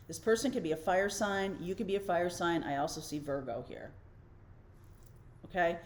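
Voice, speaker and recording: A woman with a somewhat low voice talks through a tarot spread in a relaxed, conversational way. She reassures the listener and thinks aloud, dropping in fillers and little check-ins. She sounds middle-aged and at home hosting her own channel. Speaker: tarot reader and channel host. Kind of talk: casual tarot reading.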